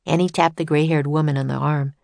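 A woman narrating a children's storybook in a clear storytelling manner. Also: low-pitched, steady tone, fast talker, darkish tone, no echo. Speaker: audiobook narrator.

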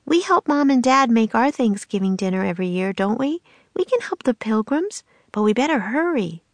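Brief: woman reading as a cheerful, bold young girl, pitched up, bright and eager, close dry audiobook sound. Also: sing-song, dry recording. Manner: bright, eager, quick to reassure. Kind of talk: audiobook character voice.

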